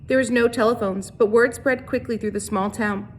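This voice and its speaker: With slight background noise, a woman teacher reads a novel to her students, her voice a little high yet calm and unhurried. Occasionally she trips up and begins the phrase again.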